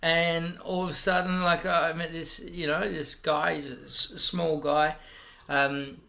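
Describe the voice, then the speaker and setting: An Australian man and comedian, telling profane, animated stories in a casual chat and getting loud when he acts out what people said. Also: a little high, a little slow, creaky. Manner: loud bursts when acting out quotes. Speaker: guest comedian.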